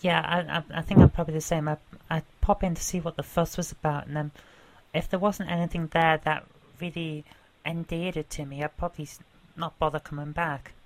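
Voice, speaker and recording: Low-voiced woman steering a podcast. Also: steady tone, darkish tone, a little hiss or hum, poor audio. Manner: brisk, steers the conversation. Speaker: podcast co-host. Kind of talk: casual podcast chat.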